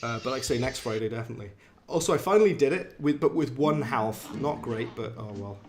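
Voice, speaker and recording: Brief: Welsh Valleys-accented male streamer, mid-pitched, easygoing self-mockery, game music clearly behind him. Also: lively intonation, quick pace. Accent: South Wales Valleys. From South Wales. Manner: chatty, self-mocking, bursts up in pitch when frustrated. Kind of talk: casual live game-stream commentary.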